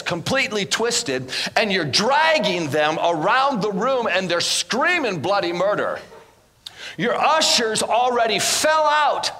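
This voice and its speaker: A man preaching as a guest minister in church, animated and acting out dialogue as he tells stories. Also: sits high, long reverb tail. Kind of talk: sermon with storytelling. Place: church in front of a congregation.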